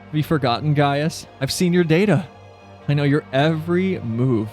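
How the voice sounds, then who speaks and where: A man voicing a stern older imperial commander from a game, grave and measured. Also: fairly high pitch, a little mellow, soft background music, close to an everyday voice. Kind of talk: voicing game dialogue on stream.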